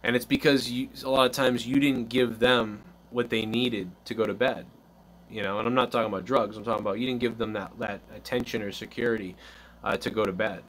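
A man's voice: mid-range voice, steady tone, a little fast. Male live-stream host, mid-range voice, casual and rambling, faint background noise. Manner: loose, rambling, acts out little quotes. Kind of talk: casual chat.

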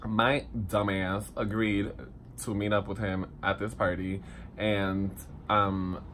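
A young man telling a personal story to his phone camera in a lively, dramatic, chatty way, swinging up high for the funny parts. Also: takes it slowly, a little hiss or hum. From Dominican heritage. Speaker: vlogger. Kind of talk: casual storytelling vlog.

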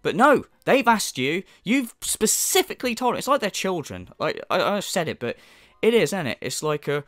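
A man's voice: high voice, big pitch swings, moderate pace, a bit bright, no room sound, clean studio sound. A man ranting in sneering, profane commentary as a channel host.

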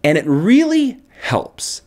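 A man's voice: high voice, huge pitch swings, slow, darkish tone. A man from Kansas who reviews comic books casually and enthusiastically, with swooping emphasis. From Kansas, United States.

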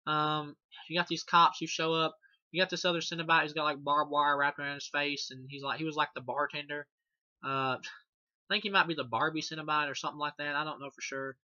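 Reviewing a horror film, a man with a fairly high, sharp voice speaks a little fast with fairly even intonation. He rambles, swears heavily, laughs at the movie, and uses many fillers and restarts. The sound is dry, dull, and lo-fi.

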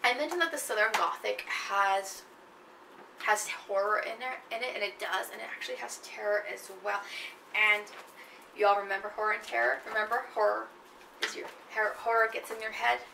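Gravelly woman lecturing in an echoey room. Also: mid-range voice, animated, normal speed, background noise. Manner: checks in often with questions to the class. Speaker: literature teacher. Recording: echoey room, mic at a distance.

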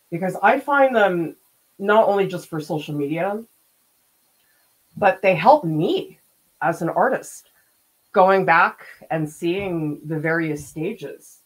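A woman's voice: fairly low pitch, rough recording. A woman art teacher chats away during a live painting stream. Her talk is casual and easygoing, with frequent laughs and comments to her viewers. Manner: chatty, laughs often, reads out viewer comments. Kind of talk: casual livestream chat while painting.

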